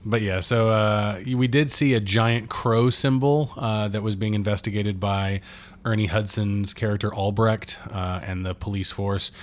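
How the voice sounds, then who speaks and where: A man's voice: fairly low pitch, steady tone, a little slow. A man co-hosting a casual movie podcast, talking in a rambling, jokey way with lots of fillers. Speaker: podcast co-host.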